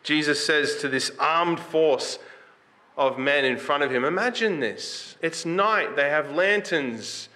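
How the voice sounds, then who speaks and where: Guy giving a sermon, bright voice, chatty, keeps asking the room questions. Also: on the high side, slow pace. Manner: conversational, asks the listeners questions; reads scripture aloud with rising emphasis. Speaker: preacher.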